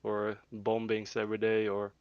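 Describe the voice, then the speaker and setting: A man with a Swedish accent talking in a casual voice-chat debate, halting and repeating words in a low-key way. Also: monotone, clear, resonant tone, no echo. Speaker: debate participant. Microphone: headset or desk mic on voice chat. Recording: dull dry voice-chat audio.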